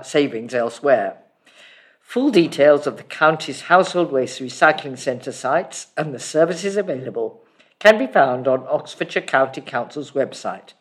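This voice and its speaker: A newsreader delivering a local council story in a steady, clear reading style. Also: mid-range voice. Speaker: news reader. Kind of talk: read news bulletin.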